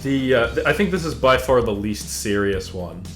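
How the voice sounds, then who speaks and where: A man in his twenties co-hosting a casual podcast, talking in a relaxed, hesitant way with many restarts and frequent laughter. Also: mid-range voice, normal speed, faint music behind. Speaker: podcast co-host.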